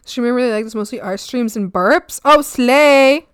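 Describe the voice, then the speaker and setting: A young woman streaming her art, chatting playfully with viewers, silly and quick to squeal and laugh. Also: fairly high pitch, clear, resonant tone, dry recording, studio quality. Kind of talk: casual chat with live viewers.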